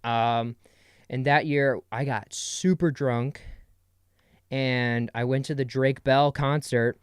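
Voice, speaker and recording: A man's voice: medium pitch, steady tone, slow, clean tone, no room sound, clean studio sound. A young man hosting a podcast solo, rambling playfully in a casual comedic monologue. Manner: rambling, playful, jumps between bits. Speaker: podcast host.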